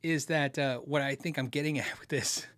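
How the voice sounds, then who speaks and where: Hosting a live podcast, a middle-aged man chats casually through viewer questions in the style of a live-stream. His voice is a little high, steady and a bit bright at normal speed, and he laughs often while acting out quoted voices in his stories.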